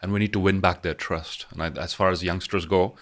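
Low-voiced measured male interviewer. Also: steady tone, a bit bright. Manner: measured, with frequent short affirmations. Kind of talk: conversational interview.

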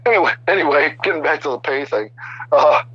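A man in his sixties, a guest artist, telling casual stories in an animated, rambling way with many restarts. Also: on the high side, a little fast, husky, no room sound, dull audio. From Chicago area. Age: 60s. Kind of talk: casual storytelling interview.

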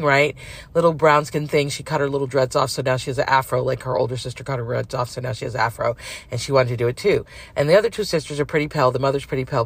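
A woman's voice: a bass voice, breathy edge. A middle-aged woman telling a long personal story in a casual, frank, rambling way with many fillers.

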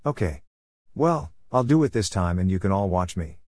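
A man's voice: low-pitched, expressive, moderate pace, a little mellow, no echo, studio quality. A man reading a story, voicing a patient but firm grandmother on a camping trip.

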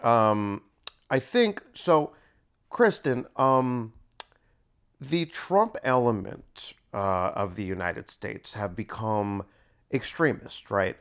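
A man voicing a soft-spoken male radio commentator who hesitates and stumbles through filler words. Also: fairly low pitch, animated, clear, resonant tone. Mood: earnest, halting. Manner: halting, full of ums and tag questions. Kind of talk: mocking impression in a podcast rant.

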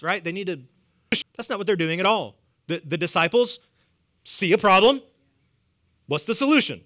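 A man's voice: high-pitched, animated, fairly quick, long pauses, bright, forceful tone. A man with a Southern US accent preaching a sermon, humorous and conversational, chuckling often. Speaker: pastor.

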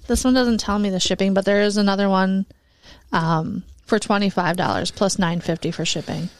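A woman with a mid-pitched voice tells stories in a casual podcast chat. She pauses often and fills the gaps with small hesitations. The recording is close and dry. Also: fairly even intonation, dry recording. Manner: hesitant, filler-heavy storytelling.

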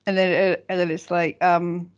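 A woman's voice: on the low side, normal speed, lo-fi sound. A woman co-hosting a podcast, chatting casually and animatedly quoting lines. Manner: animated, quotes lines with relish. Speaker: podcast co-host. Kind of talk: casual chat.

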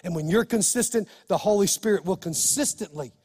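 A male pastor preaching an impassioned sermon, building to shouts. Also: sits high, fairly quick, breathy edge, in a large hall.

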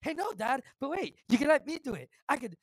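A man doing an impression of an excited, pushy young male wrestling heir. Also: very high-pitched, a little fast, no room sound, studio quality, pitched above the performer's own voice, exaggerated voice. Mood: eager.

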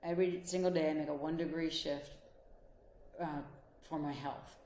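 A woman with a somewhat low voice gives a motivational talk, speaking straight to the listener in an earnest, encouraging tone. She is a life coach and couples therapist. Her voice rings in a roomy, echoey space. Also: fairly even intonation, normal speed, mellow, a little hiss or hum. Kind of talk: motivational monologue.

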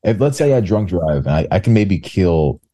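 A man's voice: deep voice, very animated, moderate pace, mellow. A man in casual podcast chat who tells rambling, profane anecdotes.

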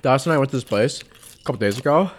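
A man's voice: mid-range voice, animated, fast, background noise. A man chatting with friends during a hot sauce tasting, rambling and fumbling for words as he explains his thoughts. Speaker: taste tester. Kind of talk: casual group chat.

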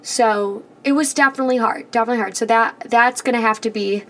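A young woman co-hosting a podcast in casual chat, speaking hesitantly with many pauses and restarts. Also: a little high, a bit bright. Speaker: podcast co-host.

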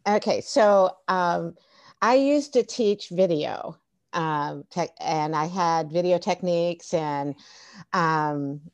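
A middle-aged former teacher and tech coach guests on a casual podcast, sharing funny stories with lots of laughter and restarts. Her voice is fairly low and slow, captured in a clean tone without echo.

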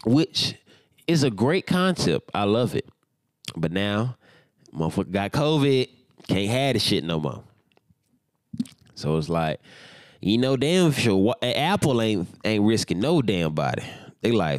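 A man's voice: medium pitch, sing-song, normal speed, no echo, clean studio sound. A young man hosting a casual solo podcast, talking in a loose, rambling and profane way, sleepy and yawning without his coffee. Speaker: podcast host.

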